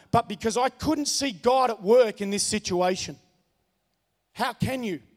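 A man's voice: sits high, in a large hall. A man preaching a sermon, telling a personal story in an earnest way and repeating his key phrases. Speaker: pastor.

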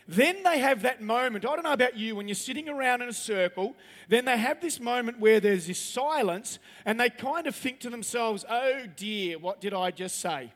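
A man's voice: very high voice, animated, normal speed, fairly bright tone. A man preaching a chatty, humorous sermon and asking his listeners questions. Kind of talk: conversational sermon. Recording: long reverb of a large hall.

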